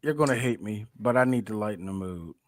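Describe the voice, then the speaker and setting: A man's voice: fairly low pitch, expressive, fairly quick. A man co-hosting a casual movie podcast, joking, laughing often and acting out quotes. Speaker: podcast co-host. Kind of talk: casual chat.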